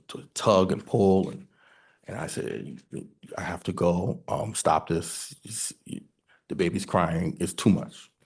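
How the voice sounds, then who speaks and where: Low gravelly man giving halting testimony. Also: darkish tone. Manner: halting and hesitant, often breaking off and restarting. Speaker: witness testifying at a hearing. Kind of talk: sworn testimony recounting events.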